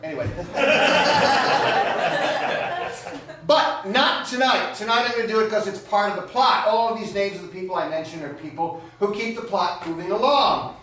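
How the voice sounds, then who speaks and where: This high-voiced man speaks at normal speed, telling a comic story alone on a small theater stage as live stand-up. Chatty and digressive, he mocks himself and drops dry asides. The mic sits far off in an echoey, noisy room.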